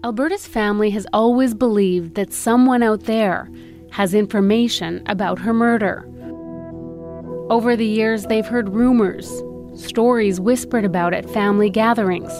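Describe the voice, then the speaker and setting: A woman, an investigative reporter, narrating a documentary podcast in a measured, serious tone. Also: medium pitch, a little mellow, soft background music.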